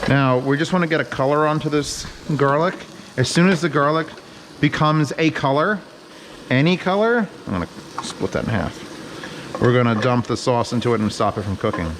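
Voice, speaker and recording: A man talks his way through a home cooking session in a loose, joking manner. He swears freely and rambles from one thought to the next. His pitch sits at an ordinary middle level for a man, with a faint background hum behind him. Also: normal speed. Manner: joking, profane, rambling commentary. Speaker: home cook host. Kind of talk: casual cooking vlog. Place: home kitchen.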